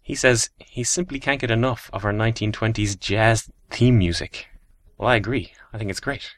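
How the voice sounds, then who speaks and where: A man co-hosts a podcast and reads out emails and messages. His voice sits low, and the recording is dry and close. His tone is easygoing. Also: moderate pace, fairly bright tone, no echo. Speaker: podcast co-host. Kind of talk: reading listener messages.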